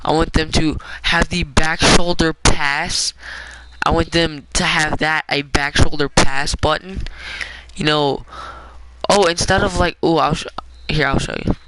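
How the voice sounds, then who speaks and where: A young man with a raspy, smoker-like voice, giving rambling, offhand commentary while streaming a game. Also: a little high, steady tone, measured pace, noisy background. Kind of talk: casual gameplay commentary.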